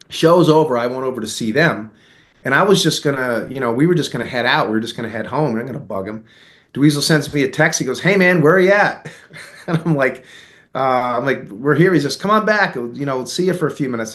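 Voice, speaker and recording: Man, middle-aged, American, interview guest, rambling storyteller, filler words, medium pitch. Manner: relaxed, rambling, full of fillers and quoted dialogue.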